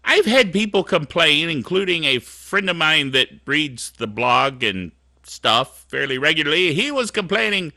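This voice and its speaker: A middle-aged man hosts his tech show in a loose, digressive monologue that mocks itself. His voice is bright and gravelly, and it swings widely in pitch. He is recorded in a dry room. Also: measured pace, no room sound. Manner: animated, digressive, self-mocking. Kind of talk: casual rambling monologue.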